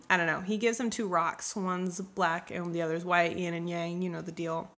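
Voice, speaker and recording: A young woman with a slightly low voice recaps a story in a loose, irreverent comic style. She is crude and offhand, and she keeps breaking into quick character voices. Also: level tone, a bit bright. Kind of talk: casual comedic book recap.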